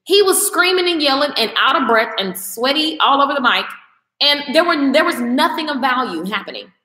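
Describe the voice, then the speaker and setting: A woman's voice: high-pitched, animated, brisk, pushed and bright. A woman vlogger delivering an emphatic, preachy rant to her viewers, dropping into mocking quoted asides. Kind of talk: passionate rant to camera. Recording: echoey room with long reverb.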